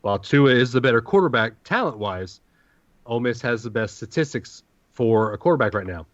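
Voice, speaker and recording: A man from the Southern US talks football in a relaxed podcast chat, laying out his picks with steady confidence and plenty of analysis. His voice sits at a middle pitch. The recording is dry and a little dull, as if captured on a modest mic. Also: a little fast, no echo. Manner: confident, analytical game predictions. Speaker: podcast co-host. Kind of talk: casual sports chat.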